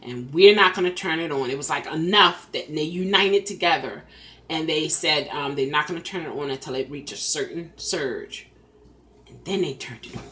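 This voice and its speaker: A woman chatting casually on a live stream, reading comments aloud and often breaking into loud laughter. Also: low voice, moderate pace. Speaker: rideshare driver vlogger reading live chat.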